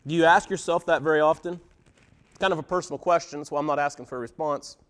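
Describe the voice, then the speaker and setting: A man's voice: fairly high pitch, fairly even intonation, fast talker, fairly bright tone. A male pastor giving a conversational sermon to his congregation, asking them reflective questions. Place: church service before a congregation.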